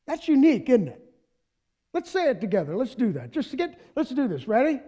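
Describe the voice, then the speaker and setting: High-voiced guy preaching a sermon, lively, talks straight to the congregation. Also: fairly quick. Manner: animated, playful, addresses the congregation directly. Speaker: pastor.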